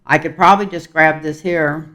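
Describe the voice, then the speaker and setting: A man's voice: a little high, steady tone, normal speed, pushed and bright. Folksy older man rambling through a tarot reading. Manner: rambling, folksy, chuckling asides. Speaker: tarot reader. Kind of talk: casual tarot reading monologue.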